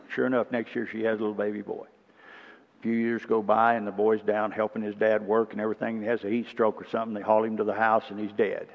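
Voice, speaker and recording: A man preaching a sermon, telling stories with asides and clearing his throat often, sounding emotional. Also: on the low side, level tone, fast. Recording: muffled recording with long reverb.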